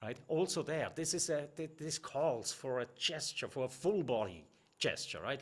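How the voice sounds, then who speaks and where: A middle-aged man gives a presentation coach's feedback in an easy, conversational way. He keeps checking in with tag questions, restarts his phrases and stresses the words that matter, with a voice of ordinary pitch for a man. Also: expressive, moderate pace.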